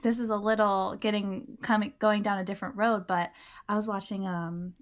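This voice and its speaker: A woman co-hosting a casual podcast, hesitant and thinking aloud with pauses and ums. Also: medium pitch, level tone. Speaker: podcast co-host. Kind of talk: casual chat.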